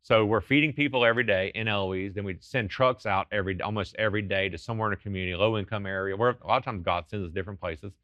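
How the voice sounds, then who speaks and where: In a TV interview, a ministry founder appears as a guest and shares testimony, telling faith stories in a quick, fervent, earnest way. His voice is fairly low and fairly bright. The audio is dull, with no room sound.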